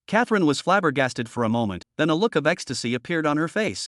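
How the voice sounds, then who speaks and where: A man narrating a comic recap in a flat, hurried storytelling manner on a close mic. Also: a little high, dry recording.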